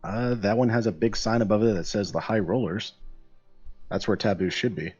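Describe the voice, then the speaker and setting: A man playing a tabletop game, easygoing and relaxed. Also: lowish voice, moderate pace, breathy edge, soft background music. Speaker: player. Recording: dull lo-fi audio.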